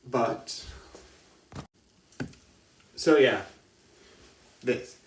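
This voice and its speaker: A man's voice: mid-range voice, extremely slow. A man giving a casual, rambling film review, correcting himself often and laughing between thoughts. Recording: echoey room, distant mic.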